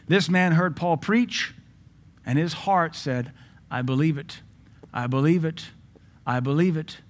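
Man preaching a conversational sermon. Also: medium pitch.

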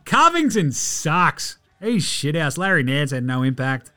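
A man with an Australian accent hosting a casual basketball recap podcast, sweary and excitable, mocking players in silly voices. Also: on the high side, slow pace, faint music behind. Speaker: podcast host.

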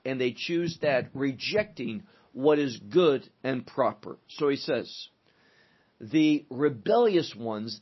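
A man teaching through a psalm verse by verse, deliberate and emphatic, building his points in lists. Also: a little high, husky. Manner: slow, deliberate, emphatic with listed phrases. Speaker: Bible teacher. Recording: dull lo-fi recording.

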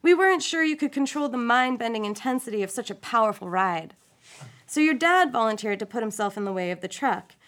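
A woman's voice: on the high side, animated, fairly quick, a bit bright. A woman reading as a joking male cop. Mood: matter-of-fact. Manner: joking, chatty, then matter-of-fact. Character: wisecracking male police officer, adult. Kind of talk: reading a short story aloud.

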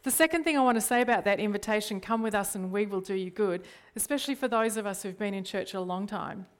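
A middle-aged Australian church leader speaks fast in a medium-pitched voice, delivering an earnest sermon. She frequently addresses her listeners with rhetorical questions.

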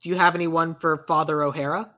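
A woman co-hosting a casual podcast, talking through casting picks in a rambling, self-correcting way with animated asides. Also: low voice, a little fast. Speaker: podcast co-host. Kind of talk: casual chat about movie casting.

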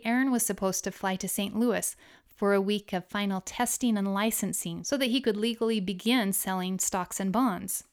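A woman narrating her own memoir in an audiobook reading, with expressive storytelling. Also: medium pitch, clear, resonant tone.

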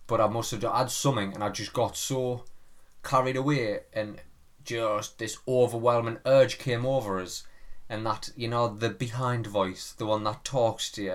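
A man's voice: medium pitch, fairly even intonation, moderate pace. A man, co-hosting a casual comedy podcast and telling rambling childhood stories, swearing freely. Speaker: podcast co-host.

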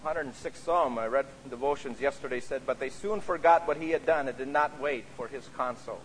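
A man's voice: medium pitch, a little fast, slight background noise. A man preaching a sermon as a pastor, speaking earnestly and often adding "you see" as he makes his points. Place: church sanctuary. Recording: reverberant church sanctuary.

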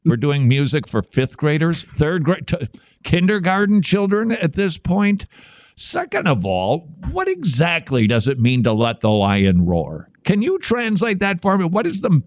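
A man hosting a comedic commentary show, his pitch swooping up and down as he mocks and jokes. His voice is close and dry, with no room sound around it. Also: big pitch swings, a little slow, dry recording. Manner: sarcastic, mocking. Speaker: podcast host.

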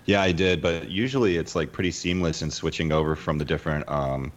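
A man with an extremely deep, low voice hosts the casual chat. He talks in a laid-back drawl and asks the others questions. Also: fairly quick, dull audio.

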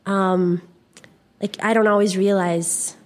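A woman's voice: medium pitch, level tone, slow pace. Giggly rambling young woman. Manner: giggly, rambling, full of fillers. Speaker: guest. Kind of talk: casual conversation.

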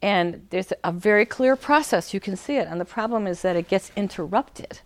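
A woman gives a conversational talk to a small group, with plenty of fillers and restarts. Her voice sits at a middle pitch. The sound is dry and close, with no room echo. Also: normal speed. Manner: animated, acts out a crying child in a high shout. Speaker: speaker on emotional healing.

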